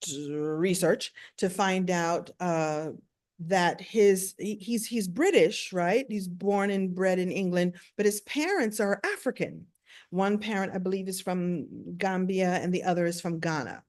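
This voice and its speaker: A woman's voice: fairly low pitch, unhurried, a little mellow. A woman from the United States, a speaker and coach, telling a story in a playful, self-mocking way and acting out voices. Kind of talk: storytelling talk.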